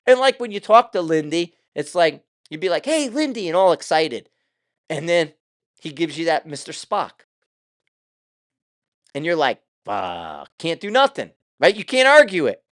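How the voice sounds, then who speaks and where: A man's voice: a little high, lively intonation, normal speed, pauses often, fairly bright tone, dry recording, studio quality. An older man hosting his own show, talking in a casual, rambling way with loose, profane asides. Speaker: show host.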